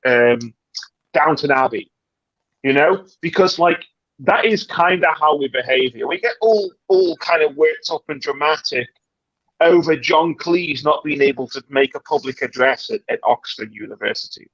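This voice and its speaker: A British man in casual livestream chat, talking in an animated, dramatic, rambling way with many restarts. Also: fairly high pitch, normal speed, dry recording, lo-fi sound. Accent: British English. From Britain. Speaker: livestream panelist.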